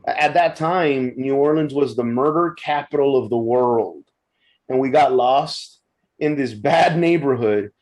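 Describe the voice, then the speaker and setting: A man in his thirties of Mexican-American background, telling stories in a casual podcast chat, animated and stumbling over his words. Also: medium pitch, measured pace. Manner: animated storyteller, frequent restarts and stumbles.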